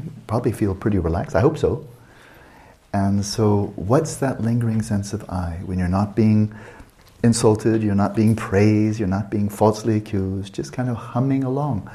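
A man guiding a meditation session as a teacher, unhurried and questioning, often checking in with his listeners. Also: fairly low pitch, warm tone.

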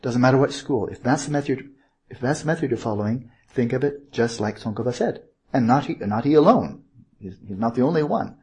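A man with a deeply husky, breathy voice delivers a meditation teaching at a mid-range pitch. He wanders and corrects himself mid-sentence, then drives points home with rhetorical questions. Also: animated, brisk, darkish tone. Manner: digressive, self-correcting, asks rhetorical questions. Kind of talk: informal Buddhist teaching talk.

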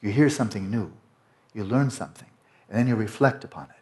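A man teaching a Buddhist Dharma talk, explaining slowly and lingering over Tibetan and Sanskrit terms. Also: on the low side, lively intonation, a little mellow. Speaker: meditation teacher.

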